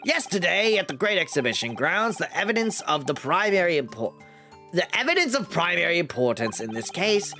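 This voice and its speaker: A man voicing a haughty male prosecutor, deliberate and formal in his delivery. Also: high voice, sing-song, bright, forceful tone, faint music behind, exaggerated voice.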